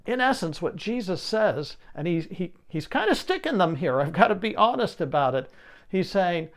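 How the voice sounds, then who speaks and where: A man preaching a sermon, reading scripture and then explaining it with rhetorical questions and lively emphasis. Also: high-pitched, moderate pace.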